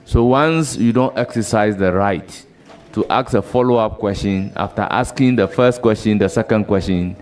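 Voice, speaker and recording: A man chairs a committee hearing, keeping the questioning to procedure. He speaks firmly and briefly. His voice sits low. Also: moderate pace, a little mellow. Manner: firm, procedural.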